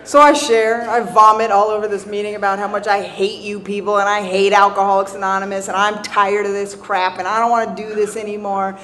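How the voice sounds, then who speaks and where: A woman's voice: medium pitch, little pitch movement, brisk, hardly any pauses, fairly bright tone. A woman with a Southern American accent tells a personal recovery story to a live audience, self-mocking and conversational, often checking in with "right?". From Southern United States. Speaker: recovery speaker.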